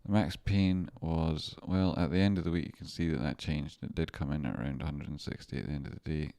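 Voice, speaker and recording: A man's voice: very deep voice, steady tone, fairly quick, gravelly, mellow. A man running a casual livestream as a stock trader, rambling through chart talk and thanking donors, swearing and laughing often.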